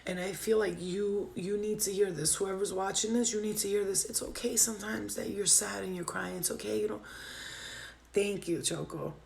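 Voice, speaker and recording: A woman's voice: mid-range voice, steady tone, normal speed, vocal fry, darkish tone. A woman doing a spiritual reading on a livestream, talking to viewers in a heartfelt, emotional way and swearing freely. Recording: roomy echo.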